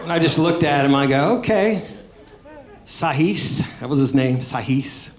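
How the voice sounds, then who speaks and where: A man with a Southern US accent doing animated, high-energy stand-up comedy on a club stage. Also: a little fast. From American South. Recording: echoey club with crowd and noise. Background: laughing audience.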